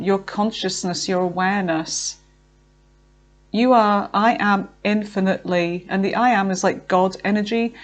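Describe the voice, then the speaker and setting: Chatty woman giving a tarot reading. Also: medium pitch. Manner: chatty, with frequent fillers and self-talk. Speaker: tarot reader.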